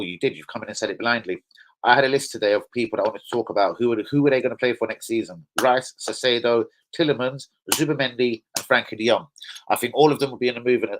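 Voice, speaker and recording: A man hosting a football fan stream, talking in an excitable, slangy, profane, rambling way. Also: mid-range voice, slight background noise, low-quality recording. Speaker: host of a football fan channel. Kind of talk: casual live-stream chat.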